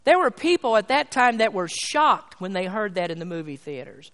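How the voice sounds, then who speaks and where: High-voiced preacher in a reverberant church. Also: male voice, sing-song, moderate pace, a bit bright. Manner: emphatic, rises and falls in volume. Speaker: pastor. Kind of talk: sermon. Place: church sanctuary. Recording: long hall reverb.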